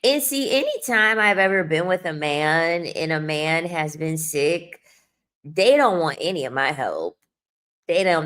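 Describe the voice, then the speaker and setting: A young woman telling a casual storytime rant, animated and exasperated, swearing freely and mocking others in quoted voices. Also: low voice. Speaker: vlogger.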